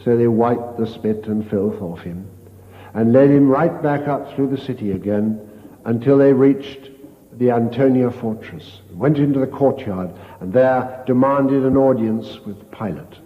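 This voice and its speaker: An older man, a priest, giving a retreat meditation as a slow, storytelling sermon with hushed quoted lines. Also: mid-range voice. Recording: dull lo-fi tape in a reverberant hall.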